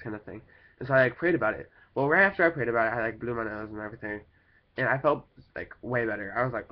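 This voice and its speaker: A man's voice: mid-range voice, fast. A young man talking about his life in a casual vlog while sick with a cold, rambling with lots of "like" and "kinda thing" fillers. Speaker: vlogger. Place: at home. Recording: dull lo-fi home recording.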